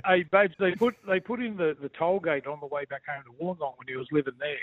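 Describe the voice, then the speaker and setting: A man's voice: on the high side, fast, no room sound. An Australian man calling in, joking boisterously and saying "mate" constantly. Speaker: guest caller. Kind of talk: casual banter on a call-in. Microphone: phone. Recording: tinny phone line.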